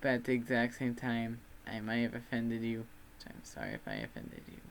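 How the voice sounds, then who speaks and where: A man's voice: medium pitch, very animated, a little fast, creaky, a little hiss or hum. A young man from Texas with a Texan accent, chatting casually on a livestream in a rambling, self-deprecating way. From Texas, USA. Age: student.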